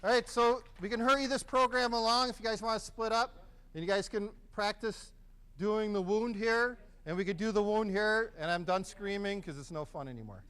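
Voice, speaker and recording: First aid teacher guy, high voice for a man, chatty and encouraging, classroom demo. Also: moderate pace, a bit bright, slight background noise. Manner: casual, encouraging, conversational.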